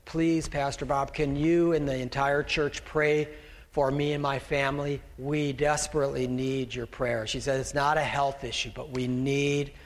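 A man's voice: medium pitch, flat delivery, normal speed, big-room sound. A middle-aged male pastor preaching a conversational sermon from the pulpit, with folksy asides to the congregation and the slide operator. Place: church sanctuary, speaking from a raised pulpit.

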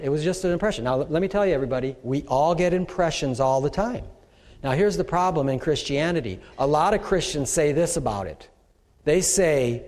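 A man's voice: a little high, a little mellow. A middle-aged man preaching a conversational sermon, often acting out the voices he quotes. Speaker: pastor. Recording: echoey hall with long reverb.

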